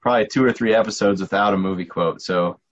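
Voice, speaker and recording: Low-voiced man making dry remarks, dull sound. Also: quick pace, a crowd in the background. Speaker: podcast co-host. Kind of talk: casual chat.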